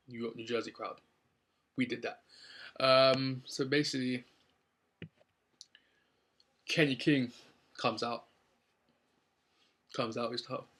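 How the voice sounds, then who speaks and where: A man's voice: mid-range voice, fairly bright tone. Young london guy chatting through a wrestling recap, upbeat, loads of ums. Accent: London English. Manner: rambling, upbeat, many ums and likes. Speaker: wrestling show reviewer. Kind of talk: casual spoken recap.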